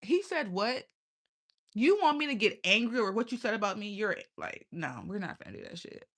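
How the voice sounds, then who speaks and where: A young woman chats on her livestream in a loose, casual way. She talks bluntly and swears freely, and laughter breaks in now and then. Her voice is bright and forceful. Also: medium pitch, very animated, a little fast. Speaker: live streamer.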